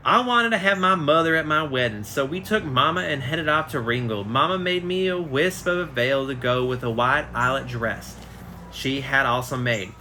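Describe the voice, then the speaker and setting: A man reads a book aloud over a phone live stream in a relaxed, unpolished way. His voice is very bright and sharp, with slips and restarts along the way. A faint hum of noise sits underneath. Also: mid-range voice, normal speed. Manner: reads aloud with frequent slips and self-corrections. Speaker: reader. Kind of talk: casual live reading of a biography.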